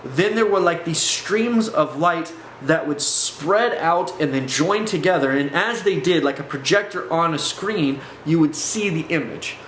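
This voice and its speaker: A man vlogging a personal testimony, telling it in an animated way with many fillers. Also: fairly high pitch, measured pace, hardly any pauses. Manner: animated, filler-heavy storytelling. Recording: echoey room, faint background noise.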